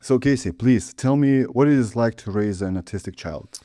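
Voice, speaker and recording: A man in his thirties hosting a podcast interview, reading a calm introduction and giving short prompts. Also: mid-range voice, normal speed, dry recording, clean studio sound. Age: 30s. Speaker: podcast host.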